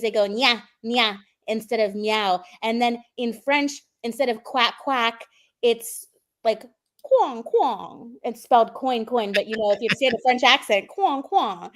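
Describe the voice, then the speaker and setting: Chatty woman, slightly high voice. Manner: bubbly and chatty, acts out animal sounds. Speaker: co-host. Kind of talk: casual chat on an online show.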